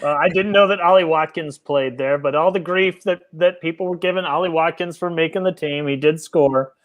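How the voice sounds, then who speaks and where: A man's voice: on the high side, a little fast. A man co-hosting a football fan show over a video call, chatty and wry, with stumbling restarts. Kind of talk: casual banter on a live video show.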